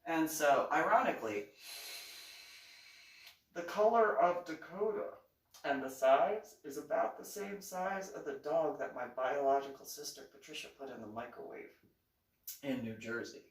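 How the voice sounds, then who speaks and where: A woman's voice: low voice, normal speed. A woman telling a rambling personal story as a channel host, laughing often as she goes. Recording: echoey room, voice far from mic.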